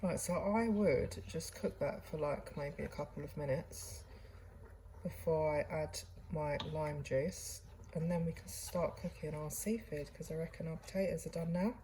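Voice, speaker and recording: A woman's voice: low-pitched, moderate pace, warm tone, slight background noise, low-quality recording. A woman hosting a casual cooking demonstration, chatting to viewers in a chatty, self-deprecating way. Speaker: cooking channel host. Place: kitchen away from home.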